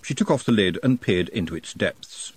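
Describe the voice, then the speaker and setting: A man narrating an audiobook in an expressive, wry manner, recorded close to the mic. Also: fairly low pitch, moderate pace, a little hiss or hum. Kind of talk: scripted narration.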